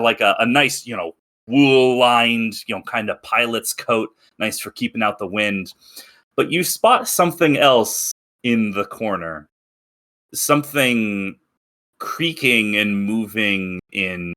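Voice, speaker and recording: A man's voice: lowish voice, slow, pushed and bright. A man narrating as game master, describing scenes in a rambling way with many restarts. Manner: rambling, full of fillers and restarts while describing.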